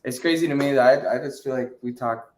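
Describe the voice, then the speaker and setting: A man's voice: medium pitch, fast talker, a little hiss or hum, rough recording. A man guesting on a livestream, musing thoughtfully in casual chat. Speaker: guest musician.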